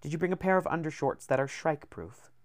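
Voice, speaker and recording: A man voicing a brash, profane male poet who is loud and mocking, in an audiobook. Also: fairly high pitch, fast talker, no echo, studio quality, voice pushed up, close to an everyday voice. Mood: scornful.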